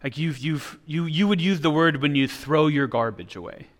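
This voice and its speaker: An earnest male pastor delivers a sermon, stumbling and restarting phrases as he works through an idea. His voice sits a little high for a man. The sound carries a long hall reverb. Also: normal speed. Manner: earnest, with frequent repeated restarts.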